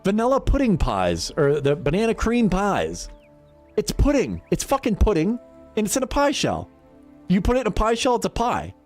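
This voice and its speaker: A man's voice: high voice, wildly swooping pitch, normal speed, darkish tone, faint music behind. A middle-aged man chatting casually on a livestream, rambling and swearing, laughing often. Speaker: livestream gamer. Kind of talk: casual chat to stream chat.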